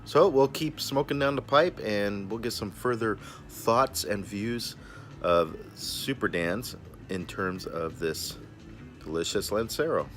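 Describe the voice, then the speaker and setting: A laid-back man with a very deep voice chats his way through a cigar review. He is casual and friendly and keeps referring to himself in the third person. He is recorded outdoors in a backyard, with faint music in the background. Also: slow, a bit bright. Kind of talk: casual vlog talk.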